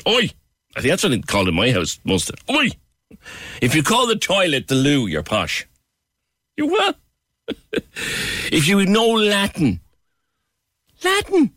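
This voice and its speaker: Male radio host, lowish voice, lively pitch swings, chatty and wry, dry close mic. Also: no room sound. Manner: chatty, self-mocking, halting restarts. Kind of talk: casual radio chat with listener messages.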